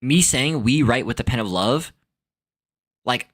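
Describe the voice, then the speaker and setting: Animated young man rambling casually. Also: medium pitch, a little slow. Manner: rambling, filler-heavy, laughs often. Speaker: podcast host. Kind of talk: casual monologue on language and philosophy.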